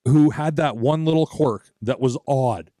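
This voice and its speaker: A man's voice: mid-range voice, measured pace, warm tone, no room sound, studio quality. Laid-back swearing male podcast co-host. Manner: swearing, storytelling with quoted voices. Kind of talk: casual chat.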